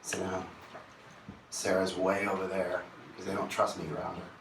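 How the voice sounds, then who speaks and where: Low-voiced man telling a story on stage. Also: monotone, brisk, noisy background. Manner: candid, confessional, profane. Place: concert venue stage. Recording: echoey venue, distant mic.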